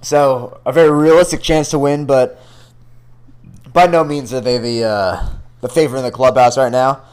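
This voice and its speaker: Smooth-voiced young man in loose sports banter. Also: medium pitch, steady tone, normal speed, darkish tone. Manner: loose, swearing, joking banter. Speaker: podcast co-host. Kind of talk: casual sports chat.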